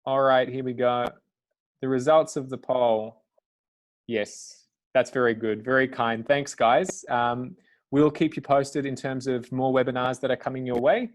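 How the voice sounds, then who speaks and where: A man hosting a live online webinar in a relaxed, halting way, with many fillers. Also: medium pitch. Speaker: webinar host.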